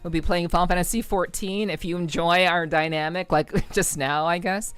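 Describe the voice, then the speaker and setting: A woman's voice: lowish voice, steady tone, normal speed, clear, resonant tone. A woman VTuber streamer chatting casually with her viewers, repeating phrases and swearing offhand.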